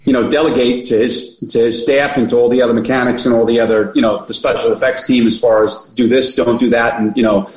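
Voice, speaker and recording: A man's voice: medium pitch, fairly even intonation, quick pace, hardly any pauses, a little mellow, echoey room, poor audio. A middle-aged man telling stories in casual chat, rambling with many fillers and restarts. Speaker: podcast guest. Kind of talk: casual storytelling.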